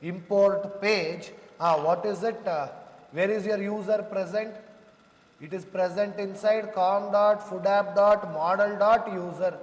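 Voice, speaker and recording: Guy teaching java live, walks through code and keeps asking "any confusion?", echoey room. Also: high voice. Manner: talks students through code step by step, asking checking questions; addresses students as "sir" and "boss". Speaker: programming instructor. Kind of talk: live coding lecture. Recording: echoey room with long reverb.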